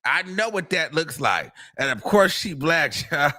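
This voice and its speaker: A man hosting a casual commentary show, telling a courtroom story in with animated, profane delivery and bursts of laughter. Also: a little high, measured pace.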